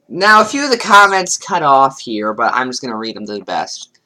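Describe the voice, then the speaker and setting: A woman's voice: a bass voice, very animated, fairly quick, bright, forceful tone. A woman giving sarcastic, exasperated commentary while reading online comments aloud. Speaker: commentary youtuber.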